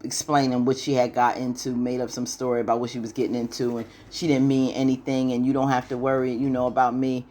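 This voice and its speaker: A woman casually recapping a TV episode, telling it as an animated story full of slang and "you know.". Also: extremely low pitch, quick pace, few pauses. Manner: animated storytelling, slips into character voices. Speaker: TV recap vlogger.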